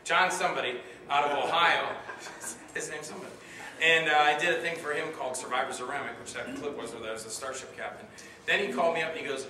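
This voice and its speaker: A man's voice: on the high side, fast talker, bright, forceful tone. Rambling man telling stories in an echoey hall. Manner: rambling anecdotes with many fillers, acting out quoted voices. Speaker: actor answering audience questions. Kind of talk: storytelling Q&A at a convention panel. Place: convention hall with audience. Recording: echoey hall, mic far off, noisy.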